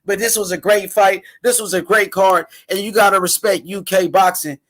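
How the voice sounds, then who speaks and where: Slangy high-voiced male fight commentator. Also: fairly even intonation, normal speed, a bit bright. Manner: casual slangy, repeats himself, hypes fighters. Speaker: boxing commentator, channel host. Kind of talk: live fight reaction commentary.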